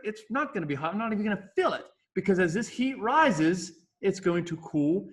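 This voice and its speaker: A man's voice: high voice, very animated, brisk. A male science teacher giving a casual, jokey classroom lecture with asides.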